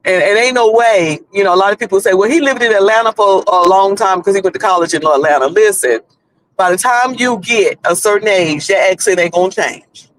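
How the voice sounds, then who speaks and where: High-voiced North Carolina man, rambling. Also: brisk, a bit bright, no echo, poor audio. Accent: North Carolina Southern. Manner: rambling, chatty, many restarts. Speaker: livestream host. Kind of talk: casual commentary while driving. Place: in a car.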